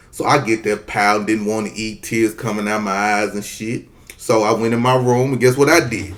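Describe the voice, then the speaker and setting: A man in his thirties telling a childhood story in a casual, profane, animated way. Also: on the low side, normal speed. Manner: animated, profane, acts out voices.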